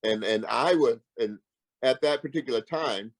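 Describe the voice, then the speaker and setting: A man's voice: mid-range voice, normal speed, no room sound, low-quality recording. An older man, a martial arts grand master, telling stories as an interview guest, acting out the dialogue with lots of restarts. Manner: animated, acts out quoted dialogue with frequent restarts. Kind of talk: casual storytelling.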